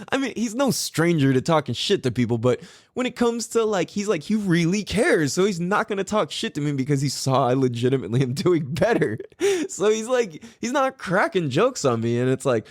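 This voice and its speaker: Slightly high-voiced, a middle-aged podcast host tells casual, profane stories with lots of animation, playing out what he said in each one. The studio-quality recording has no room sound.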